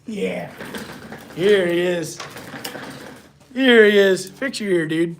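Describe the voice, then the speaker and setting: A man's voice: high-pitched, takes it slowly, a little hiss or hum. A man hosting a casual livestream from his workshop, chatting with viewers and talking to his dog. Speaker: blacksmith livestream host.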